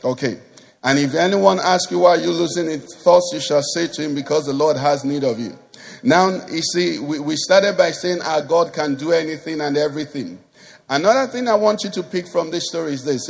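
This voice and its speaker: A man's voice: fairly high pitch, moderate pace, gravelly. A man preaching a sermon as pastor, emphatic, with call-and-response questions to the congregation.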